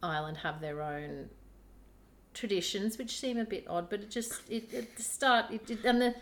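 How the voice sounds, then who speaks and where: A woman's voice: medium pitch, moderate pace, fairly bright tone. A woman co-hosting a casual podcast chat, rambling and restarting as she tells stories. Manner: rambling, restarts often, plain storytelling. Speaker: podcast co-host.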